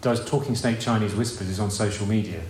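A man's voice: on the low side, steady tone, quick pace, a little mellow, slight background noise. A man preaching an informal sermon in a conversational, rambling way, with many restarts and asides. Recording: roomy hall with faint ambience.

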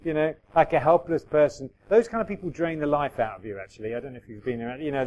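A middle-aged man gives a relaxed, chatty sermon. His voice sits a little higher than most men's, and he slips into quoted voices with self-deprecating humour. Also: fast, few pauses, muffled recording. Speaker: pastor.

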